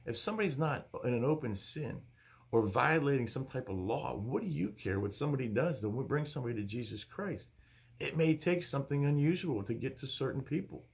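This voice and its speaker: A male pastor teaching from the Bible in an emphatic, animated preaching style. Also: medium pitch, fairly quick, gravelly.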